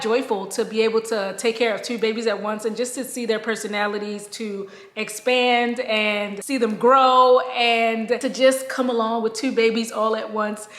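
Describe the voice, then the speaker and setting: A chatty woman vlogs to her audience, calling them "y'all" and breaking into easy laughs as she goes. Her voice sits a little high and bounces around a roomy, echoing space at home. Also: normal speed, hardly any pauses, a bit bright. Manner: chatty, addresses viewers as "y'all", laughs often. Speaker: lifestyle vlogger and mom. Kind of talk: casual chat to camera. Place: at home, moved from outdoors to indoors. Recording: echoey room.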